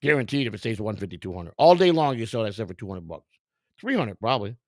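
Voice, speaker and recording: A man's voice: on the low side, sing-song, quick pace, no echo, studio quality. A middle-aged man hosting a vlog, giving casual, rambling, profane commentary in a streetwise way. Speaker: vlog host browsing storage auctions.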